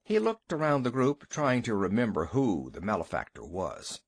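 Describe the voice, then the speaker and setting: A man narrating a short story for an audiobook in an expressive storytelling manner. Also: fairly low pitch, normal speed.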